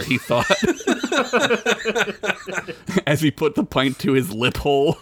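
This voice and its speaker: A man's voice: on the high side, expressive, a little slow, fairly bright tone. A man reading a crude comic story aloud as podcast host, laughing often.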